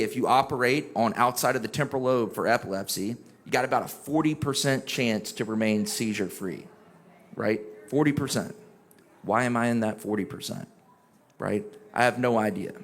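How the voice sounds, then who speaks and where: Guy on a panel, middle pitch, earnest and encouraging, keeps asking right?. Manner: earnest, encouraging, asks rhetorical questions. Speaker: neurologist and epilepsy patient. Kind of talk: casual panel talk.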